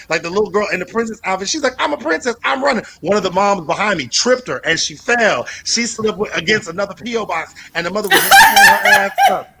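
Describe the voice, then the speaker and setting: High, bright-voiced man telling a stand-up story. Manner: animated, acts out voices, crude and loud. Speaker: stand-up comedian. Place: home, on a video call. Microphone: video call.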